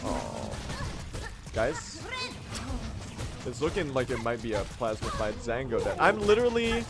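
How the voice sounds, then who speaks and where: A young man from Sweden, a native Swedish speaker, giving excitable live commentary to his chat as he streams a speedrun, swearing and reacting as he plays. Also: medium pitch, a little slow, over loud music.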